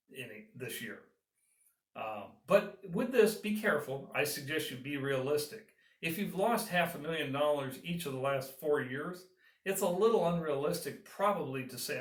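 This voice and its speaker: A man's voice: fairly high pitch, a bit bright, distant mic. Earnest man coaching in a roomy echo. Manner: earnest, encouraging, lists steps. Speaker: business consultant. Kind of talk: advice talk to camera.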